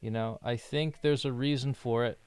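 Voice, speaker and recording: A man's voice: medium pitch, steady tone, moderate pace, darkish tone, clean tone, no room sound. A young man from the United States chatting casually in a rambling way, laughing often while he works through language lessons. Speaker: vlogger learning a language. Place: living in Brazil.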